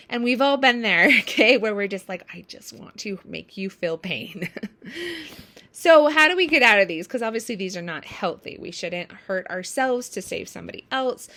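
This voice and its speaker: A woman coaching in a casual teaching style, acting out quoted examples as she explains. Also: mid-range voice. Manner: acts out quoted examples with lively shifts in voice.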